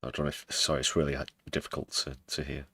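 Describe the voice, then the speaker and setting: A man's voice: a bass voice, flat delivery, fast, heavy background noise. A British man hosting a live news stream, dry and sarcastic, sometimes putting on mock emotion. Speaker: livestream news host. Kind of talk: casual live news commentary.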